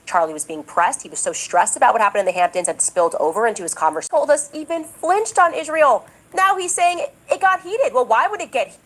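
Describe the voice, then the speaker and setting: A woman's voice: medium pitch, poor audio. Indignant, insistent woman commentator. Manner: emphatic and indignant, insistent repetition; mocks others in a raised, exaggerated voice. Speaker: political commentator. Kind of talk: podcast monologue.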